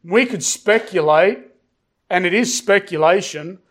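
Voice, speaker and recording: A middle-aged man delivers a sermon in a fairly high voice. He hammers key words through repetition, and he drops into a slow, weighty cadence whenever he reads scripture. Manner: emphatic, repeats phrases, slows down for scripture. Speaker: pastor.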